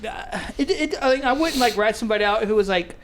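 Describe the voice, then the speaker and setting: High-voiced man chatting on a podcast. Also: fast. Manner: laughs often, rambling storyteller. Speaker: podcast co-host. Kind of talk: casual chat. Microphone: studio mic under bright lights.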